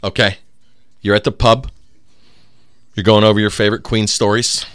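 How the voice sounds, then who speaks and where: A man's voice: on the low side, level tone, moderate pace, fairly bright tone, clear, resonant tone, no room sound, studio quality. A man hosting a comedy podcast, joking in mock-serious, newscaster-style bits. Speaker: podcast host.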